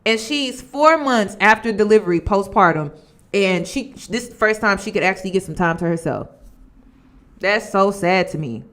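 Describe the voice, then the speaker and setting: A woman's voice: medium pitch, lively intonation, normal speed, a bit bright. A woman vlogger giving casual commentary, candid and emphatic, repeating her points.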